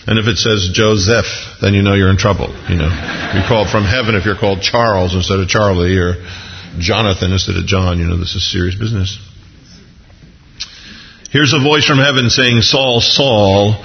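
A man with a low, gravelly voice preaches a sermon in a relaxed, conversational way, often turning to casual asides. His voice rings with a long hall echo and has a dull, lo-fi sound. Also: fairly quick.

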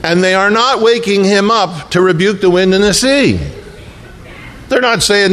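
A man's voice: high-pitched, lively intonation, brisk, fairly bright tone, a little hiss or hum. A man preaching a sermon as pastor, telling the story with humor and acting out the voices of the people in it.

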